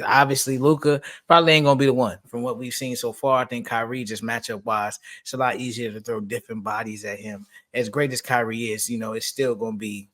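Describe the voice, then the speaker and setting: A man co-hosting a casual sports podcast, talking in a relaxed, slangy way. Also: medium pitch. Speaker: podcast co-host.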